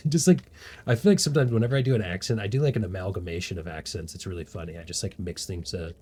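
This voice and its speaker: A man's voice: low voice, fast talker, a little mellow, breathy edge. A man, casually commenting while he plays a game, playful and rambling and laughing at himself. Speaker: game streamer.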